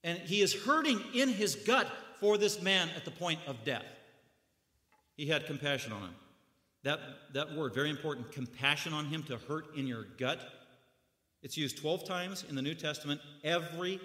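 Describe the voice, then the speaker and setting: A man preaching a sermon, telling the story dramatically with sudden loud bursts and hushed drops. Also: fairly high pitch, animated, moderate pace, roomy sound, big-room sound.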